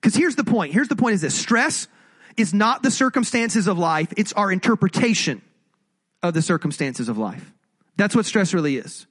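A pastor giving an animated, jokey, conversational sermon. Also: male voice, sits high, normal speed, breathy edge.

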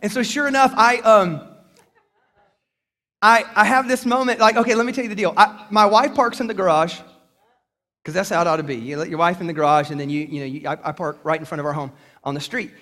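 A man pastor delivering an animated sermon, telling stories and leading call-and-response with the congregation. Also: high-pitched, a little fast, in a large hall. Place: church sanctuary.

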